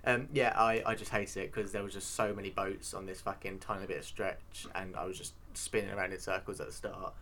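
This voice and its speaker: A man's voice: low-pitched, steady tone, brisk, few pauses, sharp tone, a little hiss or hum. A young English man in casual podcast banter, teasing and swearing a lot. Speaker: podcast co-host.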